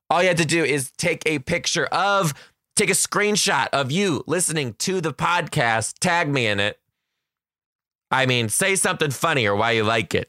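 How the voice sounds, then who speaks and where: A man's voice: medium pitch, pushed and bright, dry recording, clean studio sound. A man hosting his own podcast as a kindergarten teacher, chatting in an upbeat, playful way. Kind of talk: casual solo podcast chat.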